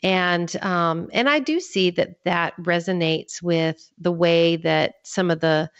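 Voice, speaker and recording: Earnest woman author explaining, low voice. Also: smooth, no echo, muffled recording. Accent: American. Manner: earnest, explanatory, measured teaching tone. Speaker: author and guest. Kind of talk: podcast interview.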